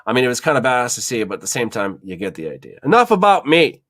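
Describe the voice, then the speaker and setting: A man's voice: mid-range voice, very animated, fast talker, fairly bright tone. A man hosting a podcast, telling a kitchen story in a loose, rambling way full of swearing and fillers. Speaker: podcast host. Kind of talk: casual storytelling chat.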